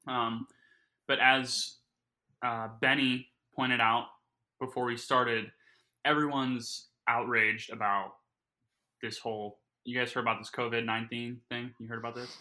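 Bright-voiced joking male podcast host. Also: mid-range voice, level tone, unhurried, low-quality recording. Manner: joking, rambling, many fillers. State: talking while eating. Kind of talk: casual podcast banter.

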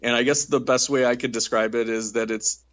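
A man co-hosting a podcast in casual chat, rambling with many fillers and quick giggles. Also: mid-range voice, steady tone, a bit bright, dull audio. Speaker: podcast co-host.

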